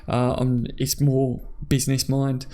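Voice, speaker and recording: A man's voice: mid-range voice, completely flat delivery, unhurried, warm tone. A young English man from near London, hosting a live stream and chatting casually while he reads viewer comments, joking and laughing often. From England.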